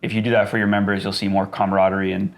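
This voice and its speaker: Low-voiced man co-hosting a podcast. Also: little pitch movement, racing, creaky. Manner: thoughtful, rambling with restarts. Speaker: podcast co-host. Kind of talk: casual podcast chat.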